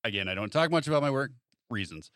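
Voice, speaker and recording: A man's voice: mid-range voice, clear, resonant tone, no room sound, clean studio sound. A man co-hosting a podcast, telling a story casually and teasing his co-host. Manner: fast, animated storyteller with teasing asides.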